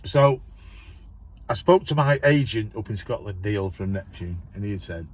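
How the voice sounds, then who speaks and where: A man's voice: on the low side, animated, moderate pace. A man, a van courier, telling a long chatty story about his work in a rambling way, restarting his sentences often. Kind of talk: casual storytelling monologue.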